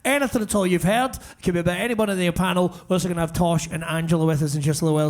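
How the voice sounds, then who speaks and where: Animated Scottish man telling a tall tale. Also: high-pitched, racing, few pauses. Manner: animated comic storyteller, swearing freely. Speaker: podcast co-host. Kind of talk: live podcast storytelling. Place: brewery event space with live audience.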